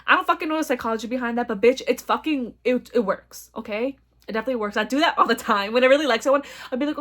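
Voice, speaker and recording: Loud, blunt young woman with a stutter. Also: on the high side, rapid-fire. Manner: blunt and profane, chatty. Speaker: podcast host. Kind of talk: casual solo podcast monologue.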